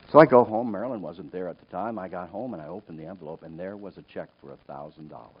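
An older man, a pastor, telling a story in a sermon, with big swings from joyful shouts to a near hush. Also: sits low, quick pace, hardly any pauses. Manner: animated storyteller, shouting in joy then dropping to a hush. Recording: dull lo-fi sound with faint hiss.

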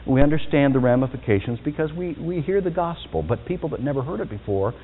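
A male pastor delivers a dynamic sermon, dropping to quiet, low asides and then climbing to loud, high-pitched exhortations. His voice has a very lively pitch. It comes through a tinny, phone-like recording with a long reverb from the hall. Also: fast, slight background noise.

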